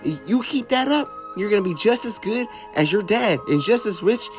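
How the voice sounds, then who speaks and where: Man doing a gentle Southern dad. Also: high-pitched, expressive, moderate pace, faint music behind, pitched above the performer's own voice. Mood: proud. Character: proud, gentle middle-aged father.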